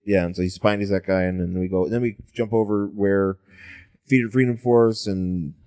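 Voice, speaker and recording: A man co-hosting a casual comic-book chat, rambling and halting with many fillers. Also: fairly low pitch, steady tone, a little mellow, smooth, dry recording, clean studio sound. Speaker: podcast co-host.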